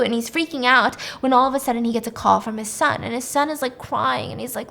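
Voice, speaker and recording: Animated woman retelling a crime story. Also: a little high, fast talker, few pauses. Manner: animated, swears freely, acts out every character. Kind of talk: casual storytelling recap.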